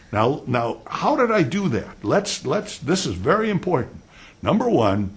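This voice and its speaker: An older man giving an animated law lecture on cross-examination, acting out both roles and swinging between loud and soft. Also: fairly low pitch. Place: lecture hall.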